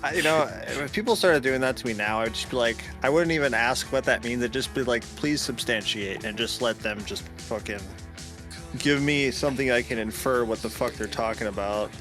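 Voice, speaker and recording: Blunt male co-host, bright edgy voice, casual and profane, music faint behind. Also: mid-range voice, a little fast. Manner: blunt, sweary, offhand. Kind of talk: casual chat.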